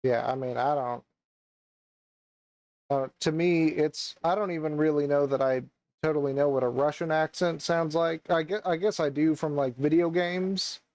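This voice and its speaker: Young male co-host, casual chat, rambling with lots of fillers, voice sits a bit high, dry close sound. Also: steady tone, moderate pace, darkish tone, no echo, low-quality recording. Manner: rambling, hesitant, many fillers and restarts. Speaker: podcast co-host.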